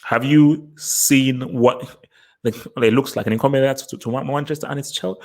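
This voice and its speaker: A man hosts a live football fan stream. He teases his viewers, repeats himself and laughs often. His pitch leaps far up and down as he gets worked up. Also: fairly quick. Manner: taunting, excitable, repeats himself, laughs at chat. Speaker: host of a football fan show.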